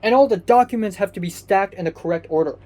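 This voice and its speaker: A man's voice: high voice, quick pace, warm tone. A young man from Hong Kong ranting angrily and sleepily, swearing constantly and restarting his sentences. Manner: swears constantly, angry and exasperated, rambling with restarts. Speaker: vlogger. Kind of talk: profane personal rant.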